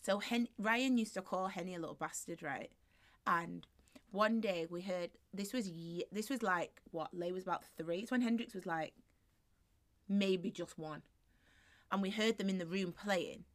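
A woman co-hosting a casual podcast, laughing often and telling stories with squeaky impressions. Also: moderate pace, no room sound. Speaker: podcast co-host. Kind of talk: casual chat.

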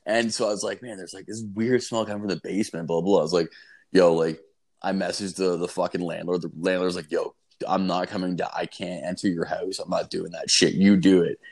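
A man telling a story in casual chat, rambling and swearing, often saying "like" and "dude" and jumping into high yelps for quotes. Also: fairly even intonation, a little fast, creaky, darkish tone, breathy edge.

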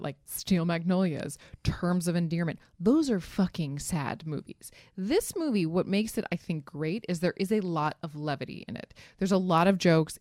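Female podcast co-host, chatty storyteller, mid pitch, dry studio sound. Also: a little mellow, no echo. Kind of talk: casual chat.

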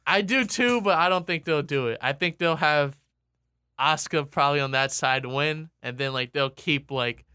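A man co-hosting a casual podcast, animated and often laughing as he chats. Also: a little high, clear, resonant tone, no echo, clean studio sound. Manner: animated, laughing, quick impressions. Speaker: podcast co-host. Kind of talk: casual wrestling podcast chat.

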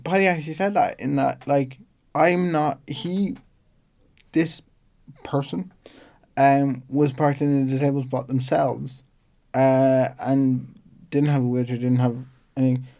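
A man co-hosting a casual chat show, relaxed and self-deprecating, often trailing off into fillers. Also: medium pitch, a little slow. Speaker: podcast co-host.

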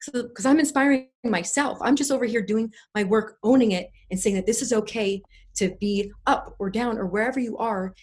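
A woman's voice: on the high side, normal speed. A woman guest on a podcast, talking in a casual, effusive and earnest way, rambling with restarts. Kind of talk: casual conversational interview.

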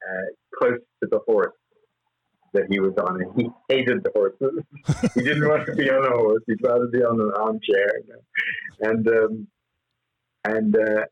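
Man, guest storyteller, husky voice, muffled lo-fi recording, chuckles through stories. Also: on the low side. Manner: rambling, laughs often, many fillers. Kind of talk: anecdotal interview storytelling.

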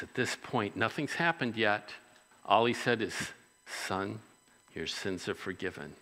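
Bright-voiced male pastor preaching in a hall. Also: medium pitch. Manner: conversational preaching with rhetorical questions. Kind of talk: sermon.

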